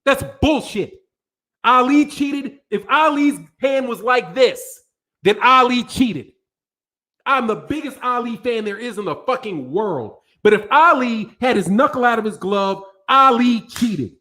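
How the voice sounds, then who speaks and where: A man with a strikingly high-pitched voice vents angrily to his live viewers. He is loudly profane and circles back to the same points again and again, as if he is arguing with the whole room. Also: expressive, a little slow. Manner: angry, profane, repetitive. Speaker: boxing channel host. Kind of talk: profane ranting commentary to a live audience.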